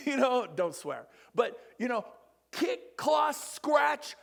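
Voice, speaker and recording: Animated man preaching motivation. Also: slow, creaky. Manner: animated, preachy, jumps between loud bursts and low asides. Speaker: motivational speaker. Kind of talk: motivational seminar talk. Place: conference room.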